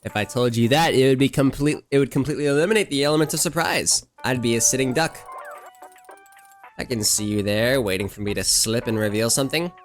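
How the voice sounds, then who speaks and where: A brash old shopkeeper woman, put on by a man for a game, who lectures and teases with blunt confidence. She talks at a middling pitch, with a wry, conspiratorial edge. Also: fairly quick, faint music behind, close to an everyday voice. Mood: brash, secretive.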